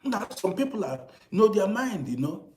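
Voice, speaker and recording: A middle-aged man tells a story straight to his listeners in a lively, animated way. His voice has a fairly lively melody, dropping to quiet asides and then rising to loud, emphatic points. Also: sits high, normal speed. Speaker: storyteller host. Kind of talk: casual storytelling monologue. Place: living abroad in Germany.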